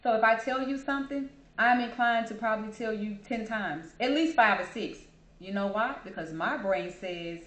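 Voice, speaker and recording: A woman's voice: medium pitch, moderate pace, a bit bright. A woman hosting her own show, talking casually and chattily about herself and calling listeners "baby". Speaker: podcast host. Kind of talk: casual personal monologue. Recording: echoey room.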